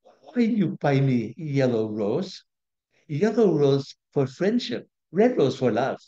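A man's voice: medium pitch, sing-song, slow pace, mellow, highs cut off, pitched above the performer's own voice. A man voicing a fussy, dissatisfied wife who scolds her husband in broken English. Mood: scolding.

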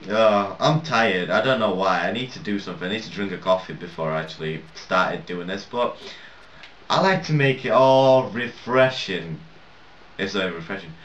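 A low-pitched, fairly bright male voice at normal speed belongs to a young man doing casual, swear-laden, rambling gameplay commentary and laughing at his own slip-ups. He is a non-native English speaker. The distant home mic gives a lo-fi, roomy sound with a little hiss or hum.

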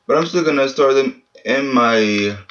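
Speaking quietly in his family home, a teenage gaming host of seventeen swears frequently and grumbles casually as he opens game packs. His mid-range voice is unhurried and a bit bright, with the high frequencies cut off.

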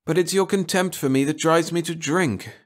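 A man's voice: on the high side, normal speed, voice pushed up, lightly acted. A man doing a whiny hungover actor. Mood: whiny, pleading. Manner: pleading, whining. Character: handsome hungover male actor, whiny and self-pitying.

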